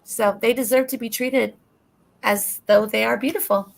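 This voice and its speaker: A woman's voice: fairly high pitch, steady tone, moderate pace, vocal fry. A woman co-hosting a live psychic reading stream, chatty and bubbly, laughing often as she talks to viewers. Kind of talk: casual live-stream chat.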